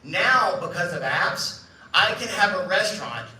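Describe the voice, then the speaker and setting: In a large event room, a middle-aged man who heads a company addresses a live audience, cracking jokes, telling stories, and doing the voices of those he quotes. His voice sits high, swings widely in pitch, and sounds pushed and bright, though his pace stays measured. Echo fills the room and he is far from the mic.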